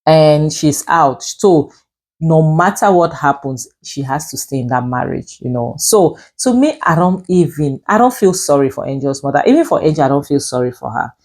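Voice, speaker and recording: A woman's voice: sits low, animated, normal speed, a little mellow. A woman reviewing a drama series, emphatic and scolding, with frequent "you know" fillers. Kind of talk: opinionated review commentary.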